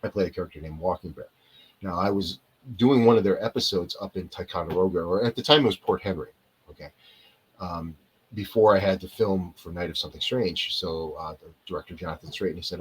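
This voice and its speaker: The recording is low quality with slight background noise, and the man's voice sits low and moves fairly quickly. An actor interviewed over video call, he tells stories casually and digressively, often losing his point before returning to it.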